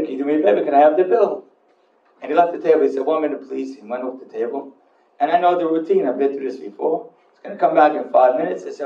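Male rabbi, fairly high voice, animated storyteller building to emphatic refrains, recorded from afar in a roomy hall. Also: vocal fry, distant mic, muffled recording, a little hiss or hum. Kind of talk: sermon with storytelling. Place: hall with audience.

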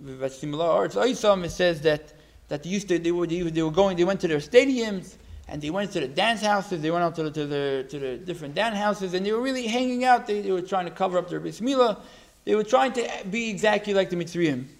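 A man giving a religious talk, telling a story in a halting way, with many restarts and repeated words. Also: high voice, expressive, gravelly. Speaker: religious teacher.

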